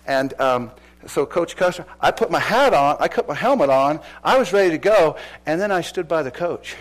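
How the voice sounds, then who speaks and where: A male preacher in middle age delivers his sermon with fervor, his voice sitting a bit higher than most men's. He builds to loud, pressing exhortations, then pulls back to quiet, earnest appeals to the congregation. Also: expressive, fairly quick, few pauses. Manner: impassioned, swings from loud exhortation to hushed appeals. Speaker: pastor.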